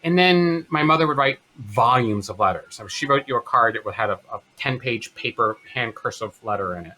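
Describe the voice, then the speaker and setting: Man in his fifties, interview guest, bright voice, earnest, halting, storytelling. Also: mid-range voice, animated, a little hiss or hum. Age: 50s. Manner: earnest, halting, many fillers and restarts. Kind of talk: personal storytelling in conversation.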